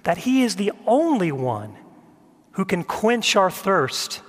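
A man preaching a sermon as a pastor, gentle and measured, reflecting on letting go. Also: sits high, sing-song, big-room sound. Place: church.

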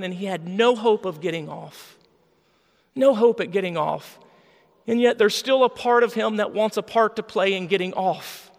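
Man preaching, high voice, gravelly, impassioned, long reverb. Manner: impassioned, acts out quoted voices. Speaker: pastor. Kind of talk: sermon.

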